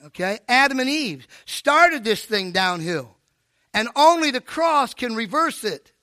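High bright older male preacher. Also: unhurried, dry recording, clean studio sound. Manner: animated, preachy, joking asides. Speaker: pastor. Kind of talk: sermon. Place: live church service.

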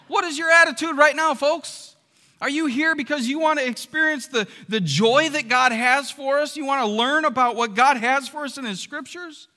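A man's voice: very high voice, bright, forceful tone, long reverb tail. A man pastor preaching a conversational sermon to his congregation in a church, often asking them rhetorical questions.

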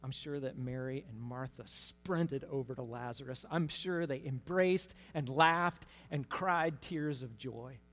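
A man giving conversational Bible teaching, telling the story in a lively way with humorous asides. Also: medium pitch, unhurried, hardly any pauses. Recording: long hall reverb.

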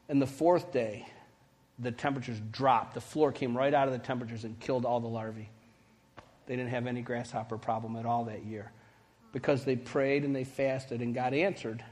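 A man preaching a sermon in a conversational style, building to emphatic points and dropping to quiet, hushed lines. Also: medium pitch. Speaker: pastor.

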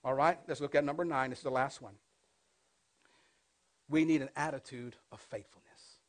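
A man in his fifties, serving as pastor, gives a sermon in a medium-pitched, steady voice at a moderate pace. He engages the congregation with call-and-response questions, his delivery rising loud and dropping to a hush.

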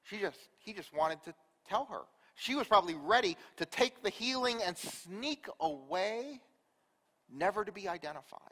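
A man preaching a sermon, telling a story with rhetorical questions and dropping from loud to quiet. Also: high voice, animated, moderate pace, long reverb tail. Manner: storytelling, rhetorical questions, big swings in loudness.

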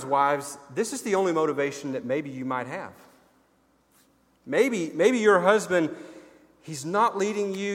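A male pastor preaching with earnest conviction, his voice sitting a little higher than most men's. He often circles back and repeats words as he builds his point. A long reverb hangs behind him, as in a large sanctuary. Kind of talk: sermon.

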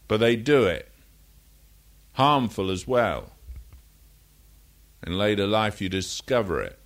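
An older man delivers a sermon in a loose, conversational way. He wanders into personal stories and stops to correct his own slips, keeping the tone of a chat more than a speech. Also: medium pitch. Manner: conversational, rambling with anecdotes and self-corrections. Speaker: preacher.

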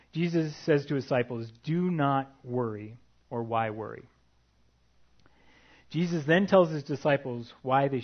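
Male preacher, mid-pitched, earnest sermon delivery, dull lo-fi recording. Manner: earnest, reads scripture aloud, light asides.

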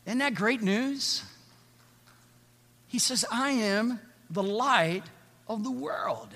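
A man preaching a sermon as pastor, swinging from loud, rapid urging to soft, slow passages. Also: extremely high pitch. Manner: building to loud, fast repeated urgings, then dropping soft and slow. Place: church sanctuary. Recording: long church reverb with soft music.

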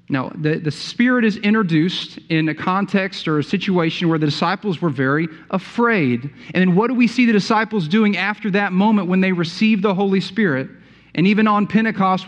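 A man preaching a sermon, earnest, often repeating words and rising in pitch for emphasis. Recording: dull sound with long hall reverb.

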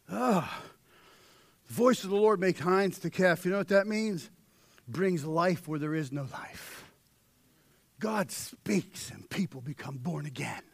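A middle-aged man preaching a sermon, swinging from shouted peaks down to hushed, almost whispered lines. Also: sits high, creaky, slightly rough, no room sound.

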